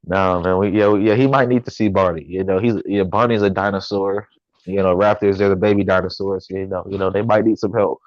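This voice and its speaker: A man with a low voice who rambles through his points with stops and restarts. His sound is dull and lo-fi, as if it came over a remote line, and dry. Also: fairly even intonation, dry recording. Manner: rambling and halting, laughing often. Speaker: co-host. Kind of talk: casual sports talk.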